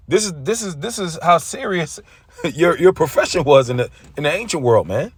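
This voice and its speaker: A man's voice: fairly high pitch, husky, no echo, studio quality. A man giving an intense, casual religious rant, often stumbling and repeating himself. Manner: intense, repetitive, stumbling over words.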